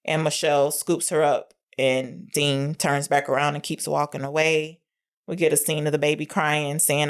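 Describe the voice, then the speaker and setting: A woman's voice: low voice, flat delivery, moderate pace, smooth. A woman co-hosting a podcast, recapping a film scene by scene in a casual, earnest way.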